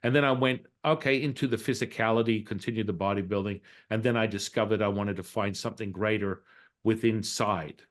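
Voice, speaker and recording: A man's voice: on the low side, steady tone, a little fast. A man, a Taoist priest and healer, telling a reflective personal story in a casual interview and acting out the dialogue in it. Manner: reflective, acts out quoted dialogue in his story; frequent restarts and fillers.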